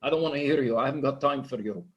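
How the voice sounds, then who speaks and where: A man giving an impassioned, blunt motivational pitch to an online group, swearing freely and sounding emotional. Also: very fast, a bit bright, muffled recording. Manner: intense, blunt, swearing, preachy. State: emotional, sniffling. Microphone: online conference microphone.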